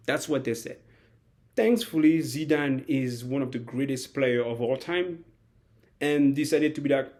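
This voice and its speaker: A man giving a rambling, animated spoken analysis of a football match, often acting out quotes. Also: medium pitch, measured pace. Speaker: football commentator.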